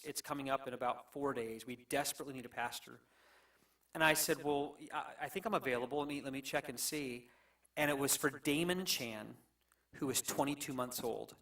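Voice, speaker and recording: Middle-aged man, pastor, halting and emotional storyteller, mid-pitched, heard from a distance. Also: a bit bright. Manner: halting, emotional, many restarts. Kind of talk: storytelling on a panel. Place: church.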